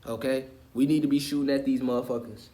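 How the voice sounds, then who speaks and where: A man's voice: mid-range voice, fairly even intonation, fast, dark tone. A man in a mid-range voice delivers an impassioned spiritual rant. He preaches hard, curses freely and circles back to repeat his points. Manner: preachy, profane, repeats himself for emphasis. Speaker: online video host.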